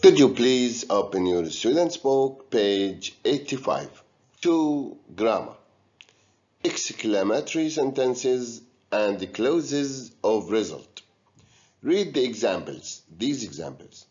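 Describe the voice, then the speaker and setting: Male teacher, video grammar lesson: slow, patient, expressive pitch; dull lo-fi sound. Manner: slow, deliberate, guiding students step by step. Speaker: English teacher.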